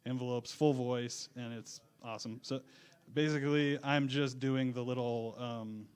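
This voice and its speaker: A man at a bar's live music event, having just finished performing, answers interview questions about his music in a laid-back way. His voice is mid-range, steady, a little mellow and smooth, at a moderate pace.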